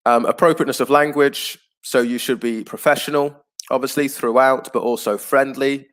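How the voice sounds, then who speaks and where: A man's voice: mid-range voice, fairly even intonation, moderate pace, a bit bright. Man, online teacher, patient explanations, filler words, mid-range voice, computer mic. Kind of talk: online class lecture.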